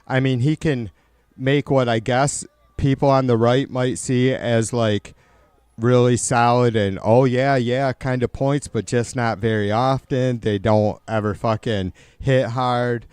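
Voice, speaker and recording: A man's voice: medium pitch, steady tone, a little slow, darkish tone, clean tone, no room sound. A man live-streaming casual political commentary, swearing a lot and rambling with many restarts as he answers his chat. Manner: profane, rambling with frequent restarts.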